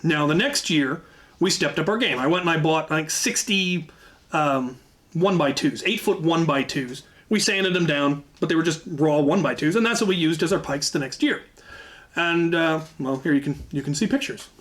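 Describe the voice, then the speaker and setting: Man with a fairly high voice spinning a yarn. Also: normal speed. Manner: lively anecdotal retelling with frequent asides. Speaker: channel host telling a story. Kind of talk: casual storytelling.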